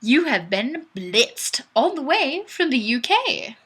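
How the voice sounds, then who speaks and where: A woman's voice: high-pitched, very animated, slow, fairly bright tone, husky. A young woman hosting a webcam livestream, giggly and playful as she reads viewer comments aloud in casual chat. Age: young adult. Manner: bubbly, giggly, playfully self-deprecating. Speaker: livestream host. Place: home room on webcam. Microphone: webcam mic.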